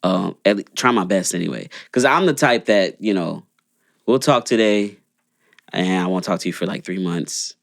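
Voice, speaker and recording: A man's voice: deep voice, moderate pace, vocal fry, no room sound, studio quality. A young man co-hosting a podcast, chatting in a laid-back, rambling way with lots of fillers. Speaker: podcast co-host. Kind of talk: casual chat.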